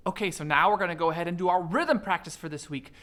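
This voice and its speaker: A man's voice: sits high, quick pace, bright, forceful tone. Male elementary music teacher, peppy, chants rhythms and counts in. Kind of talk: upbeat kids' music lesson.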